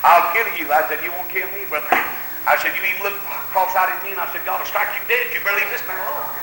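Man preaching, high piercing voice, shouted outbursts, echoey church tape. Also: fairly even intonation, quick pace, background noise. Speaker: pastor. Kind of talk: sermon.

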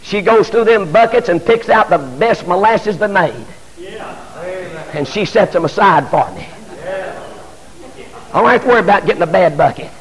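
A middle-aged preacher with an unusually high, ringing voice, working himself up from halting asides to shouted lines. His sermon echoes through a church with a long, lingering reverb that trails after each phrase. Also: expressive. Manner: impassioned preaching, shouting peaks, repeated fillers. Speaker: pastor.

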